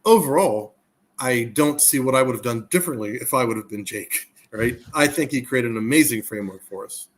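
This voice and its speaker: A man's voice: medium pitch, fairly quick. A man as a guest in a casual crypto interview, talking eagerly in a rambling way with repeated words.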